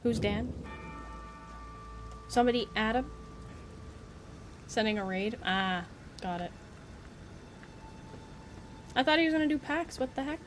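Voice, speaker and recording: A young woman streaming a game teases the character on screen and chats playfully with her audience as she commentates live. Her voice is a little high, her pace measured, and she pauses often, with a faint hiss or hum in the recording.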